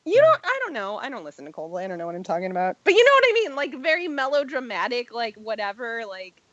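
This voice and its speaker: A woman's voice: a little high, very animated, quick pace, a bit bright, no echo, dull audio. A woman co-hosting a radio interview, frank and giggly, swearing freely. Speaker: co-host. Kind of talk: casual interview chat.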